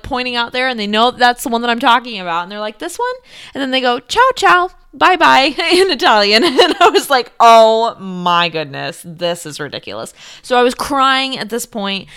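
Chatty laughing woman with a smooth voice. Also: mid-range voice. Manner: chatty and animated, laughs often, says "like" a lot. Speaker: vlogger. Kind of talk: casual storytelling to camera.

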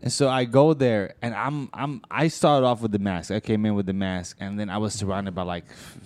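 A man's voice: fairly low pitch, moderate pace, no echo. A young adult man, a comedian, telling comic stories in a casual podcast chat and acting out the people in them. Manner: animated storyteller, acts out quotes. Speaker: comedian guest.

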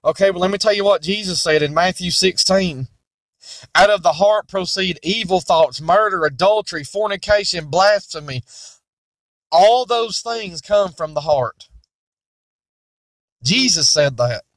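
A man's voice: high voice, measured pace, fairly bright tone, no echo. A male preacher delivering an emphatic, repetitive sermon that quotes King James scripture. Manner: voices imagined objections in a mocking tone.

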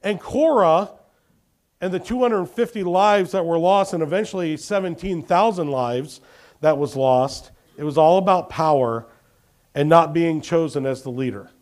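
Male pastor, sermon, high voice, lively storytelling, questions to the congregation. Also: moderate pace.

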